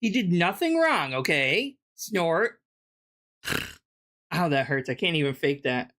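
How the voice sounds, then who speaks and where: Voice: mid-range voice, very animated, slow pace, fairly bright tone. Sarcastic reaction-stream commentator. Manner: sarcastic, mocking, profane.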